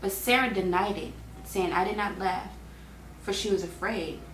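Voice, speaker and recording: A woman's voice: medium pitch, normal speed. A young woman reads the Bible aloud casually, stopping for chatty, slangy asides as a Bible reading host. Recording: echoey room with faint background hum.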